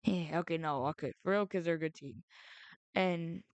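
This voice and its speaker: A woman's voice: sits low, normal speed, smooth, no echo. A young woman making football picks in casual, rambling chat, often interrupting herself with jokey asides. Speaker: sports predictions vlogger. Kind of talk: casual chat with mock phone call and bits. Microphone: headset or headphone mic.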